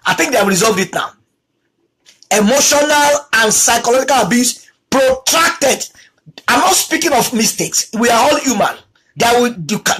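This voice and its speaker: A preacher giving a talk on abuse in marriage, repeating key lines for emphasis and acting out quoted spouses in a lower voice. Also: fairly bright tone, husky, rough recording. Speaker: teacher on marriage.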